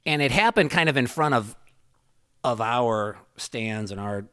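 A man's voice: medium pitch, lively intonation, unhurried, a bit bright, dry recording, studio quality. A man telling a story in casual podcast chat, rambling with many fillers and swearing freely.

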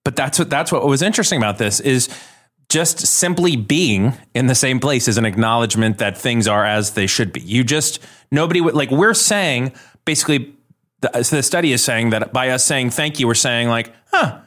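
A man's voice: medium pitch, normal speed, fairly bright tone. A man co-hosting a talk show, explaining a study in a casual, chatty way with many fillers. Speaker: podcast co-host. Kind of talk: casual chat.

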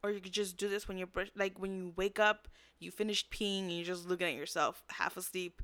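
A woman's voice: lowish voice, fairly even intonation, brisk, fairly bright tone. A young woman talking in a casual chat, earnest and emotional, often laughing.

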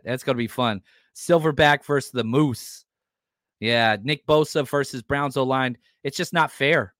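A man hosting a sports podcast, talking casually and excitably about upcoming matchups and reacting to live comments. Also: medium pitch, dry recording, clean studio sound. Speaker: podcast host.

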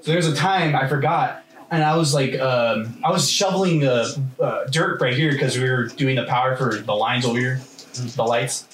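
A man in casual chat, telling a rambling story to friends in a relaxed way. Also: mid-range voice, normal speed. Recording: echoey room, far from mic.

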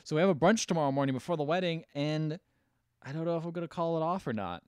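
A man's voice: fairly high pitch, fast, darkish tone, smooth, dry recording, studio quality. A man co-hosting a podcast, casually retelling a film's plot in a loose, rambling way. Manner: rambling, loose storytelling with frequent restarts. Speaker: podcast co-host. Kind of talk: casual chat recapping a film.

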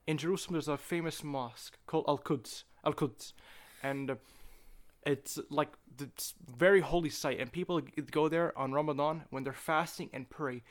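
A man's voice: a little high, steady tone, moderate pace. A young man from Palestine, a podcast guest, arguing in casual chat in a heated, profane, argumentative way.

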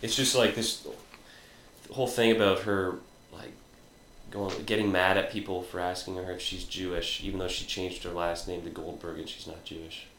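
A man's voice: deep voice, level tone, moderate pace, a bit bright, roomy sound, a little hiss or hum, poor audio. A man hosting a podcast, talking in brash, mocking, profane banter. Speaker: podcast host. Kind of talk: casual chat.

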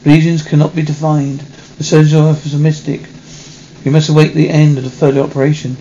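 A man reading a film script aloud in a halting way, correcting himself as he goes. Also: on the high side, flat delivery, dark tone, dull audio, slight background noise. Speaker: reader.

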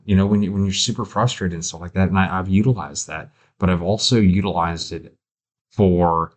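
Male podcast host, lower voice, relaxed profane banter. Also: a little fast. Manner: laid-back, profane, says "man" and "you know". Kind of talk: casual chat.

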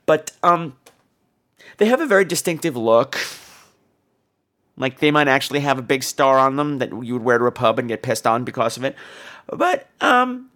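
A woman calling in to a podcast and telling a rambling story, jumping into high impressions. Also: normal speed. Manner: animated, jumps into high-pitched impressions. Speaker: caller.

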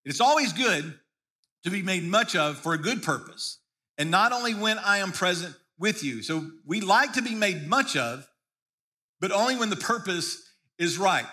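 Male pastor with a high, bright voice, preaching casually and often repeating himself mid-sentence. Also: expressive, normal speed. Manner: conversational preaching with frequent restarts and repeated words. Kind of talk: sermon.

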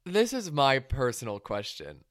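A man's voice: medium pitch, very animated, fairly bright tone, dry recording, clean studio sound. A young man hosting a podcast, asking curious questions in casual chat full of fillers. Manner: curious, quick bursts with fillers. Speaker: podcast host.

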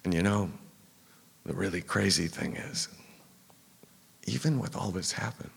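Deep-voiced man telling a story on stage. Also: a little slow, vocal fry, pauses often, husky. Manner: dramatic first-person telling, drops to a whisper at tense moments. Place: stage in a theater. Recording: long reverb of a live theater hall.

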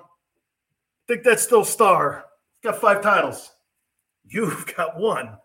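A man's voice: high voice, very animated, slow pace, long pauses, sharp tone. A middle-aged man hosting a sports talk show, brash and mocking as he rants about quarterbacks. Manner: brash, mocking, puts on whiny impressions. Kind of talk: opinionated sports talk monologue.

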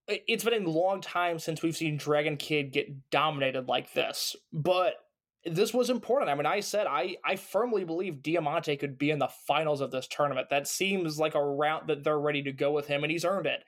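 Excitable man raving on a podcast. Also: a little high. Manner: enthusiastic, rambling with restarts. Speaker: podcast co-host. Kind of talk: casual chat, wrestling review.

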